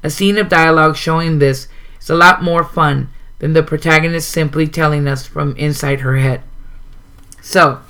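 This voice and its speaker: A man's voice: on the high side, fairly even intonation, moderate pace, pushed and bright, clean tone. A man hosting a show who reads passages from a writing guide aloud and adds short asides, with occasional ums. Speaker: host reading a writing guide. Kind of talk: reading a book aloud with comments.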